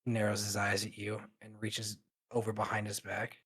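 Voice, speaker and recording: A man's voice: on the low side, completely flat delivery, normal speed, a bit bright, husky. A man narrating a tabletop game as game master, casual and full of fillers.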